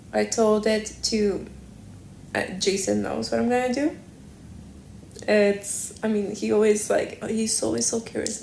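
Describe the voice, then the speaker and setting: A woman with a medium-pitched, creaky, somewhat dark voice hosts a casual livestream, rambling, correcting herself and thinking out loud. The room echoes, and faint noise sits in the background.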